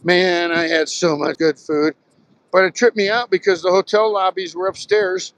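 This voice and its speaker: A man's voice: sits high, fairly even intonation, normal speed, fairly bright tone, highs cut off. A man in his sixties from Southern New Jersey, rambling through stories on a casual live stream while walking on a beach, phone in hand. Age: 60s. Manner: rambling, storytelling, swears casually. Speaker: live streamer, retired Marine pilot. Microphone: phone held while walking.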